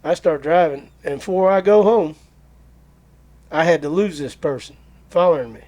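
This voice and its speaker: Man, podcast host, casual chat, rambling storyteller, folksy, fairly high pitch. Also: moderate pace, dark tone, no room sound. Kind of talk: casual chat, anecdote telling.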